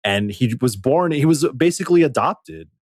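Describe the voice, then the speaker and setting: Male podcast co-host, excitable and animated, very expressive pitch, dry recording. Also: moderate pace, dry recording. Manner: animated, excitable storytelling, swears. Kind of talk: casual chat.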